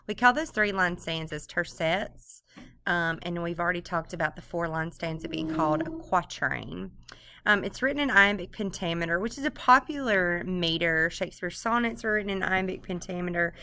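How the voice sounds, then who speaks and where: A woman teacher talking through a lesson casually, with many ums and quick self-corrections. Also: fairly low pitch, sharp tone, a little hiss or hum. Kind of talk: casual recorded literature lesson. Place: quiet room, recorded screencast. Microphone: computer microphone.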